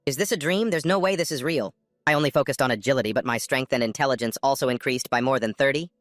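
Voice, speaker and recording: A man's voice: mid-range voice, fairly even intonation, racing, a bit bright, no room sound, studio quality, faint music behind, lightly acted. A man voicing a flustered young male gamer hero who talks in nervous exclamations.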